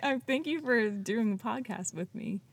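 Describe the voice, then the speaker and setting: Husky-voiced woman hosting a podcast. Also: fairly high pitch, expressive, moderate pace, dry recording. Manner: gentle, brief prompts and laughter. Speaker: podcast host. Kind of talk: casual podcast interview. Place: small closet studio.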